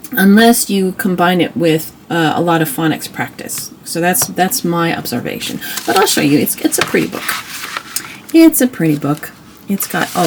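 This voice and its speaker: A middle-aged woman hosting a homeschool channel casually and admiringly shows off old reading books, with restarts and asides along the way. Her medium-pitched voice is a little mellow, with slight hiss or hum in the recording.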